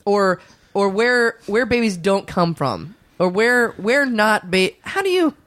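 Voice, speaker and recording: A man's voice: high voice, animated, takes it slowly, fairly bright tone, no room sound, exaggerated voice. A man improvising as Doctor John, a goofy, self-important male midwife who hosts a comedy podcast and keeps rambling off topic. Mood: giggly. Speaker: host.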